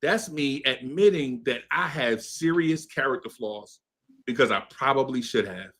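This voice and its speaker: A man's voice: mid-range voice, animated, normal speed, a bit bright, slightly rough. A man in his fifties telling a story in a laid-back podcast chat, laughing often and asking "right?" after his points. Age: 50s. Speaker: podcast co-host. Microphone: streamed podcast mic.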